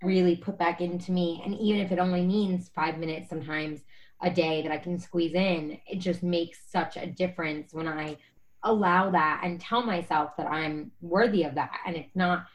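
A woman host with a lowish voice, speaking in an interview. She shares her own experience as a mother in a sincere, reflective way and agrees readily with her guest. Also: fairly even intonation, normal speed, dull audio. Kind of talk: conversational interview.

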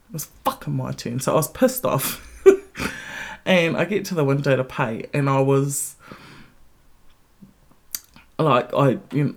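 A woman hosting a podcast who tells a story in a casual monologue, blunt, candid and full of swearing, and grows more animated as she goes. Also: gravelly. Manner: blunt, heavily profane, candid; animated retelling with rising pitch. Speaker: podcast host.

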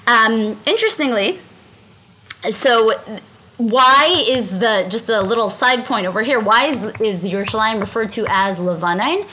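A woman's voice: on the high side, unhurried, bright, forceful tone, a little hiss or hum, poor audio. A woman teaching a Talmud story in a chatty way, translating Aramaic lines and often asking "right?". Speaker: Torah class teacher.

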